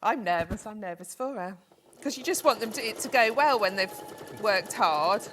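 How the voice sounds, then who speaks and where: A middle-aged woman, chatty and quick to laugh, demonstrating a sewing technique. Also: mid-range voice, animated, noisy background. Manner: chatty, warm-hearted, laughs easily. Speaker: guest crafter demonstrating sewing. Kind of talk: casual live shopping demo chat.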